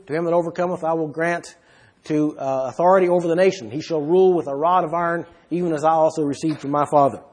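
Male preacher, high and a bit husky, reads scripture and then explains it, sermon delivery. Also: a little mellow.

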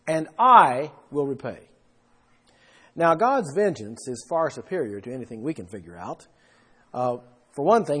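A man's voice: fairly high pitch, fairly bright tone, breathy edge. A man preaching a Bible sermon, explaining verses with emphatic rises in his voice. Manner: emphatic, rising for stress.

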